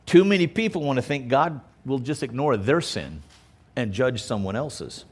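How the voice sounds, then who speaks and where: A man's voice: medium pitch, expressive, moderate pace, husky. A male pastor preaching a sermon in an emphatic, conversational way. He often stops to check in with the listeners.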